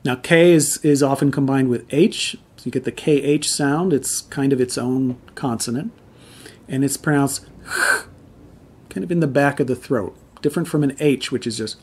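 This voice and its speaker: Patient, husky-voiced man teaching pronunciation. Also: mid-range voice, a little mellow. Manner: patient, repeats sounds slowly as examples. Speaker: language teacher. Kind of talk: explaining pronunciation to camera.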